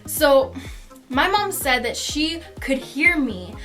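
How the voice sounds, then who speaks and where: High-voiced woman telling a story. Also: takes it slowly, soft background music. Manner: animated, swears freely, laughs mid-sentence. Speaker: vlogger. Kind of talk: casual storytime vlog.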